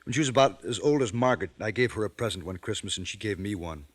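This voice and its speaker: An actor playing a stern, teasing middle-aged father in a 1950s radio drama, measured and firm. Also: lowish voice, expressive. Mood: fond.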